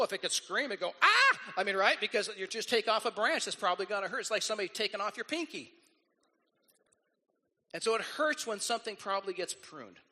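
A man preaching with a high, bright voice, animated and quick to act out the people in his story. His sermon rings through a large hall with a long reverb. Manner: animated, acts out quoted voices. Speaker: pastor.

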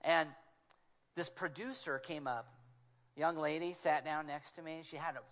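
A guest preacher delivers a sermon in a fairly high voice, unhurried and with fairly even intonation, speaking into a small clip-on mic. He tells stories animatedly and shifts into hushed, quiet tones when quoting others.

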